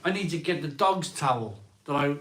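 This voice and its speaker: A man in his forties hosting a live stream, talking slowly and emotionally with many ums and restarts. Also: on the high side, expressive, fairly bright tone. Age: 40s. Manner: slow, halting, full of ums and restarts. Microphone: phone.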